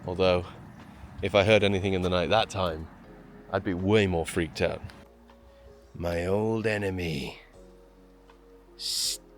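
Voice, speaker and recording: A man's voice: sits low, steady tone, takes it slowly, long pauses, faint music behind. A man chatting to his camera while walking up to a shrine on a hillside trail, self-mocking and out of breath from the climb. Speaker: travel vlogger. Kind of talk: walking travel vlog. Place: outdoors on a hillside trail and road.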